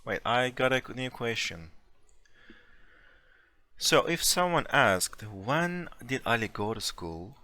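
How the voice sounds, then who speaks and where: A man teaching a language class over a voice chat, explaining slowly and patiently with casual fillers. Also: mid-range voice, very animated, pushed and bright. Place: home room, over a voice chat. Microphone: computer mic on a voice chat.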